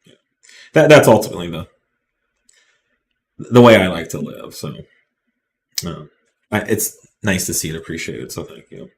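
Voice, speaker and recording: A man talks in a very deep voice during a casual live Q&A. He speaks bluntly and rambles, full of fillers and restarts. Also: expressive, normal speed, vocal fry, long pauses. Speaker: company representative hosting live Q&A.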